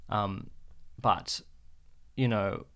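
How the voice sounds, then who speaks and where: A young man co-hosting a podcast, chatting casually and quickly, often backtracking to qualify what he says. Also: fairly low pitch, fairly even intonation, pushed and bright, clean tone. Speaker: podcast co-host. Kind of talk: casual chat.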